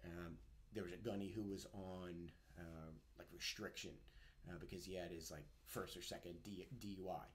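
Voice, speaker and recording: Man in his forties, low voice, interview guest, unhurried, reflective, lots of ums. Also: steady tone, a little hiss or hum. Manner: unhurried, reflective, many fillers. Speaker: guest author, retired Marine. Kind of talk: casual interview chat.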